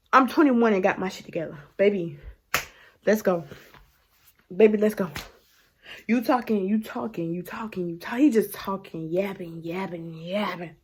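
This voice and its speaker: A woman in her twenties telling a story to camera in a sassy, animated way, often sighing and laughing and sometimes dropping into a hushed aside. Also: medium pitch, breathy edge. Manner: drops to a hushed aside at times.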